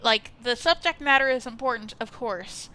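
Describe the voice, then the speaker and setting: A woman's voice: fairly high pitch, normal speed, bright, forceful tone. A young woman streamer giving casual, rambling commentary while playing a story game. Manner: rambling, hesitant, chatty. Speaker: let's play streamer.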